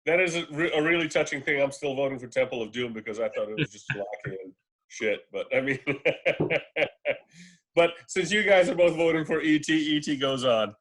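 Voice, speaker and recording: A man's voice: fairly high pitch, normal speed, fairly bright tone. Rambling man giving film opinions. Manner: rambling, full of fillers and restarts. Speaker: podcast co-host. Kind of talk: casual podcast chat about films.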